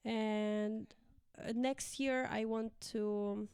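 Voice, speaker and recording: Young woman teacher telling class stories as a guest, crisp voice, dry close sound, higher range. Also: fairly even intonation, very slow, a little mellow, no echo. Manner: chatty, acts out quotes of pupils with laughs. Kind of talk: casual conversation.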